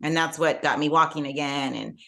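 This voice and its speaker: A middle-aged woman telling her story as a podcast guest, laughing often and leaping up in pitch when amused. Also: a little fast, gravelly, a bit bright. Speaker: guest entrepreneur. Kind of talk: casual podcast interview.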